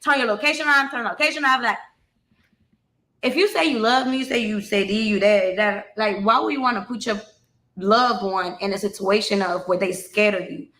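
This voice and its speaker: A woman's voice: medium pitch, moderate pace, fairly bright tone, echoey room. A woman telling her own story bluntly and emotionally, swearing freely and talking straight to her listeners.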